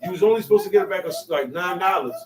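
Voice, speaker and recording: Man, street-talk Bible teacher, animated high voice, faint hiss behind. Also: quick pace. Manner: emphatic, repeats phrases, swings from soft asides to loud outbursts. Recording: echoey room, mic set far off.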